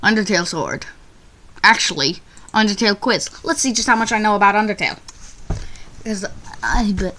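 A young woman commenting on her own gameplay, excitable and quick to yelp and shriek when things go wrong. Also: medium pitch. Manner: excitable, yelps and shrieks at failures. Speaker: gaming YouTuber.

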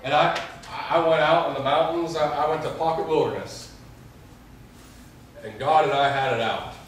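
A man's voice: fairly high pitch, moderate pace, a little hiss or hum. A young adult man, a pastor, preaching an earnest sermon and telling stories with quoted prayers. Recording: echoey hall, mic far off.

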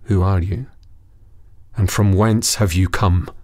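A man's voice: low-pitched, steady tone, takes it slowly, dark tone. A man voicing a brave, fearless young earl in a storybook reading, speaking eagerly and urgently. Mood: kindly.

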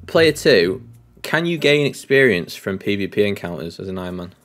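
A man's voice: on the low side, very animated, moderate pace, fairly bright tone, soft background music. A man co-hosting a casual quiz show, teasing and swearing in disbelief. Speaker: co-host. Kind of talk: casual game-show banter.

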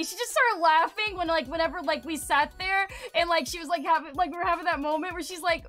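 A woman streamer tells stories in a loose, animated way, stacking fillers and stopping to greet viewers. Her voice sits high and sounds sharp and bright. Faint music plays behind her. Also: quick pace, few pauses. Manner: animated, rambling with many fillers, greets chat. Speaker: livestreamer. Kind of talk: casual storytelling chat.

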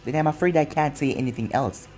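A man voicing an ancient, wise male sage in a read-aloud fan story, speaking calmly and formally. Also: on the high side, fast talker, faint music behind, lightly acted.

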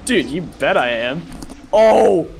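A man's voice: on the high side, moderate pace, a bit bright, a little hiss or hum. A young man chatting casually and goofily while playing a game, full of slang and laughter. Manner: goofy, slangy, laughing often. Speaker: gaming video host. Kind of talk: casual gaming banter.

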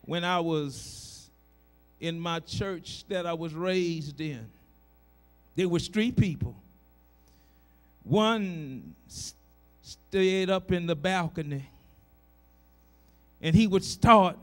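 A middle-aged man preaching a sermon in a church, building from talk to shouted cries and repeating phrases for emphasis. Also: on the high side, drawn-out words, long pauses.

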